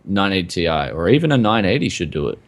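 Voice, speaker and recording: Gravelly-voiced man chatting about tech. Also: sits low, sing-song, quick pace. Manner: rambling, full of likes and mans. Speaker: podcast co-host. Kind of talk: casual tech chat.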